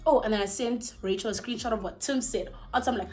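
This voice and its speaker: A young woman with a South African accent talks through a personal story in her room, her voice pitched a little high and her delivery animated and unfiltered. She swears easily and drifts off her point now and then. Soft music plays faintly behind her. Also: fast talker. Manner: animated, chatty, swears freely, trails off. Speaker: vlogger. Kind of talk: casual storytime.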